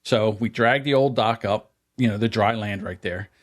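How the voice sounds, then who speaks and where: A man co-hosting a podcast, telling family stories in a casual, animated way and jumping up in pitch to act out quotes. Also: normal speed. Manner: animated, acts out quotes in a raised voice. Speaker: podcast co-host. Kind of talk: casual storytelling chat.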